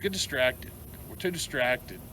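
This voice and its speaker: A man's voice: medium pitch, measured pace, background noise. A middle-aged man with a Southern American accent, ranting angrily to camera, rambling and stumbling over repeated words. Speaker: vlogger. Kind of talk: angry venting rant to camera.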